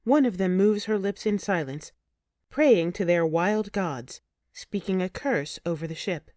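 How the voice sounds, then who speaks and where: Expressive woman narrating an audiobook. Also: fairly low pitch, unhurried, no room sound, clean studio sound. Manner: expressive, emotive storytelling. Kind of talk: first-person audiobook narration.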